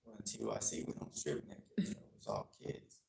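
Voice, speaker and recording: A man's voice: brisk, a little mellow. A man from Texas giving an earnest, plainspoken talk about his past to a university audience, acting out the people he quotes. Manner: earnest, plainspoken, acts out dialogue. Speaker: guest speaker on gang culture. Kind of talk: personal storytelling to an audience. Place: university lecture room. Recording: echoey room, faint clicking.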